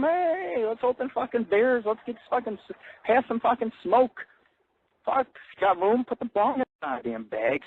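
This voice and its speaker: A male radio host rambling through a crude, profane live monologue, swearing constantly and jumping up in pitch when he gets excited. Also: husky, no echo. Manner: excitable, jumps high in pitch on emphasis. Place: hotel in a big city. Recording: tinny phone-line audio, dry.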